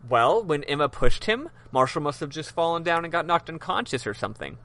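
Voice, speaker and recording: A man's voice: fairly high pitch, sing-song, brisk, bright, forceful tone. A man hosting a podcast, casually retelling a game's story in loose, profane chat with lots of ums. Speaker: podcast host. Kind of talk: casual game recap chat.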